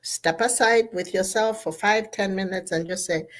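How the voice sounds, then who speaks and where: Woman therapist, unhurried, emphatic motivational speaker. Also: mid-range voice, lively intonation, fairly bright tone. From Zambia. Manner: emphatic, repeats and spells out key words. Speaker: therapist speaking at an online gathering. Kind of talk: motivational talk on mental health.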